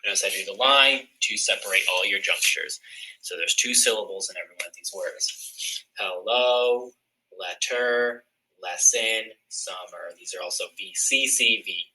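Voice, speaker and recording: Male teacher, low and very bright tone, clear step-by-step explainer. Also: measured pace, poor audio. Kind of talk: recorded phonics lesson.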